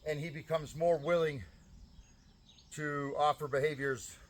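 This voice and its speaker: A male dog trainer explaining recall training outdoors in a calm, practical way. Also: measured pace. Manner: calm explaining, bursts of high excited praise to a dog.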